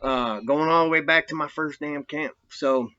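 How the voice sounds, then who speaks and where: A man telling his own story in a rambling, profane, animated way. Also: on the high side, moderate pace, noisy background. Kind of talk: casual storytelling. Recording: dull lo-fi recording.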